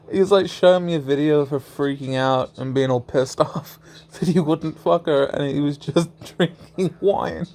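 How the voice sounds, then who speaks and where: Slow-talking young man laughing through a story. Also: a little high, warm tone. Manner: laughs often, swears freely. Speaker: vlogger. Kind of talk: casual storytelling.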